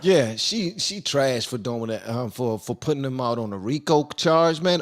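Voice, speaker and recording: A man's voice: medium pitch, lively intonation, normal speed, few pauses, dry recording, studio quality. A man hosting a live reaction stream, talking in a casual, slangy way and thanking viewers by name. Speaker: livestream reaction host.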